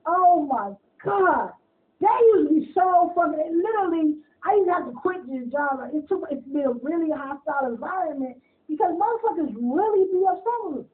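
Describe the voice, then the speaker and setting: A woman telling casual stories in an interview, animated, laughing often, swearing freely and acting out other people's lines in quick bursts. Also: very high-pitched. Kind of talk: casual storytelling. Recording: tinny phone-like audio.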